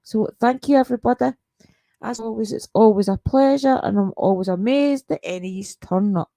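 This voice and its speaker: A woman's voice: fairly high pitch, a little fast, vocal fry, dark tone. A Scottish woman hosting a paranormal live stream from home at night, chatting casually with her viewers, laughing often and greeting them by name.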